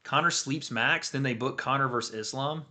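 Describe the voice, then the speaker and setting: A man hosting a livestream watch party, chatting casually and excitably, swearing freely as he reacts. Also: medium pitch, normal speed. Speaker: livestream host.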